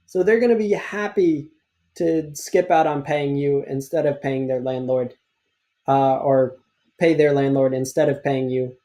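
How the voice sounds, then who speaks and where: A young man delivers a casual recorded lecture as an instructor, candid and chatty with offhand asides. His voice sits a little high but sounds mellow and relaxed. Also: normal speed. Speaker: tutoring business instructor.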